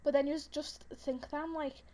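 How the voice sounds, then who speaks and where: High-voiced, giggly young woman. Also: steady tone, moderate pace, dark tone. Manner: rambling, giggly storytelling with many fillers. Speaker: podcast co-host. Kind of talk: casual chat.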